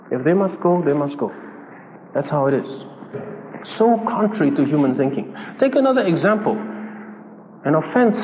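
A man with a high voice preaches slowly and deliberately, repeating his key phrases. The recording sounds thin like a phone line, with a long hall reverb and faint room noise behind him. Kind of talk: sermon.

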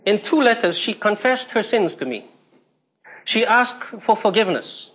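A man's voice: high voice, very animated, normal speed, a bit bright, husky, highs cut off. A man preaching a sermon, telling a story emphatically and asking rhetorical questions.

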